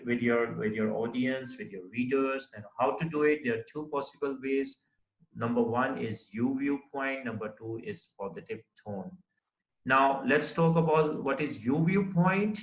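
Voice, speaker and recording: In this recorded classroom lecture, a man with a medium-pitched voice teaches formal letter writing step by step, writing on the board as he goes. He uses many fillers and keeps checking in with "right?" The recording is low quality and sounds roomy.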